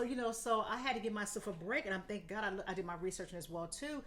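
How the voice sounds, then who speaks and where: Woman, 50s, podcast co-host; casual and candid, voice leaps high for quoted asides. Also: fast talker, a bit bright. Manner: candid, encouraging, laughs often; swoops up into high pitch in quoted asides and laughs. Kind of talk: casual health chat.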